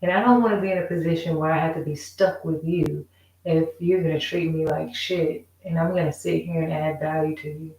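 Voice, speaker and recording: A woman's voice: low voice, steady tone, a little fast, a little mellow, roomy sound, recorded from a distance, poor audio. A woman in a casual, rambling monologue, emphatic and repeating herself as she vents. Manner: rambling, emphatic, repeats "you know what I'm saying". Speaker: vlogger.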